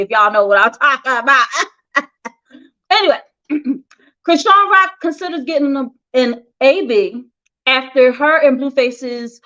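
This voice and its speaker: A woman's voice: fairly high pitch, fairly bright tone. A woman hosting a casual celebrity gossip news show, making opinionated asides between stories. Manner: chatty, opinionated asides with laughs. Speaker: host reading celebrity news. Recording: dull lo-fi sound.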